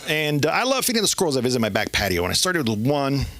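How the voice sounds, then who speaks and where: A middle-aged man doing open mic stand-up comedy in a club, rambling with halting pauses and lots of fillers. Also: mid-range voice, big pitch swings, fairly bright tone, a little hiss or hum.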